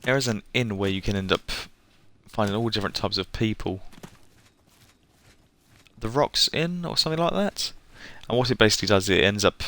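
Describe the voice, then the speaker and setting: A man's voice: lowish voice, fairly bright tone. A man streaming a game live, chatting casually and rambling, often laughing at himself.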